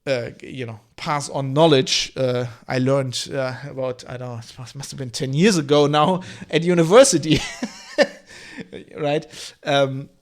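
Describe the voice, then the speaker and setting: A man's voice: medium pitch, unhurried. A man, hosting a live-streamed solo podcast and explaining history in long, winding asides. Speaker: podcast host.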